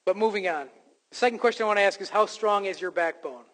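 A man's voice: sits high, fast talker, fairly bright tone. A man preaching a sermon as pastor, speaking emphatically and joking at his own expense. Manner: emphatic preaching with self-deprecating jokes. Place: church sanctuary. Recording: long hall reverb from a church sanctuary.

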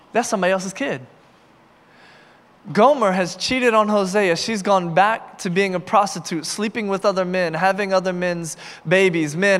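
A man's voice: high-pitched, fairly bright tone, in a large hall. A man preaching a sermon with passion, often repeating words as he builds a point. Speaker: pastor.

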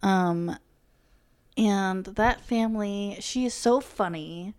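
A woman's voice: mid-range voice, slow, darkish tone, clear, resonant tone. A young woman chatting casually as a podcast co-host, with many ums and free swearing. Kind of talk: casual chat.

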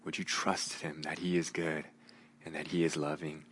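A man preaching a sermon as a pastor, earnest, moving between raised emphasis and hushed, gentle appeals. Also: very deep voice, little pitch movement, normal speed, in a large hall, slight background noise.

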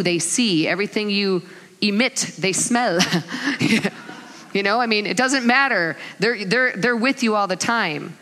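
A woman's voice: medium pitch, long reverb tail. A middle-aged woman giving a sermon, telling stories with laughter and acting out voices, mother of kids. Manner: animated storytelling with laughs and acted-out voices. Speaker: speaker at a church talk.

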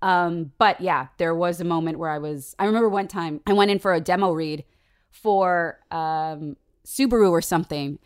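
A woman from San Diego, a guest actor talking in a casual conversation, earnest and reflective with animated asides. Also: lowish voice, normal speed, clean tone. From San Diego, USA.

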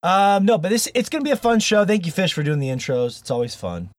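A man's voice: high voice, big pitch swings, quick pace, dry recording. A man hosting a gaming podcast in casual chat, joking, rambling and laughing often. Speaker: podcast host.

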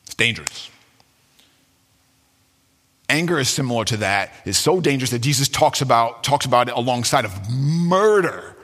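Animated pastor preaching in a reverberant hall. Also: male voice, normal speed, long pauses. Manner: animated, dramatic, with acted-out quotes and sudden pitch swings. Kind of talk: sermon.

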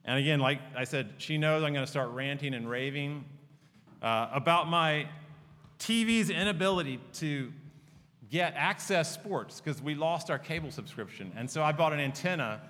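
A man's voice: a little high, expressive, normal speed, fairly bright tone. A man preaching a sermon as pastor in a church, earnest and conversational, telling personal stories. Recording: long reverb of a large hall.

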